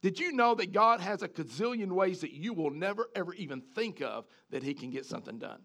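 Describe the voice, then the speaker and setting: A man preaching a sermon in an animated way, repeating words and asking the congregation questions. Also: sits high, brisk.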